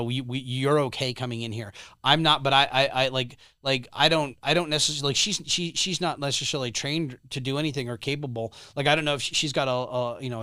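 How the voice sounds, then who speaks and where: A man who is a guest on a podcast, telling a story casually in a rambling, animated way with many restarts. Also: medium pitch, dry recording, clean studio sound.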